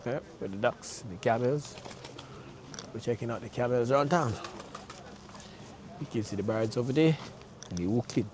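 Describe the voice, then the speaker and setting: A man's voice: mid-range voice, normal speed, pauses often, background noise. A man talking casually as a travel vlogger outdoors, in loose, repetitive, chatty commentary. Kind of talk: casual vlog narration. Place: outdoors around a town.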